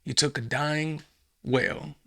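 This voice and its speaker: A man hosting a comedic commentary podcast, riffing with swearing, repetition and dramatic pauses. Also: fairly high pitch, steady tone, creaky, pushed and bright. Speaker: podcast host.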